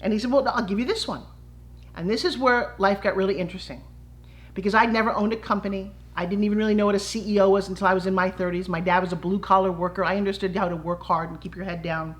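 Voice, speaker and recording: A middle-aged fitness entrepreneur tells her personal story to camera, lively and animated, acting out the voices she quotes. She speaks quickly in a medium-pitched voice.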